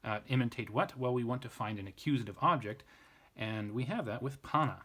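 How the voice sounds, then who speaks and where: A man's voice: mid-range voice, fairly quick, bright, forceful tone. A man giving an informal Latin grammar lesson, thinking aloud, often restarting and correcting himself. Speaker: Latin tutor.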